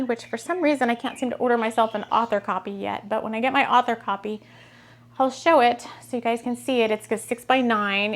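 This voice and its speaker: Gushing, giggly woman, a bit high. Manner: chatty, rambling, giggly and gushing. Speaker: spiritual podcast host. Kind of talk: casual chat to camera. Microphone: camera.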